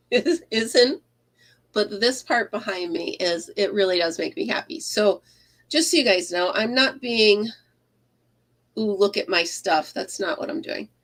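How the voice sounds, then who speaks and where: Woman, unhurried, rambling livestream crochet host who greets viewers by name. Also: medium pitch, fairly bright tone. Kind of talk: casual livestream chat while crocheting. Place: craft room at home.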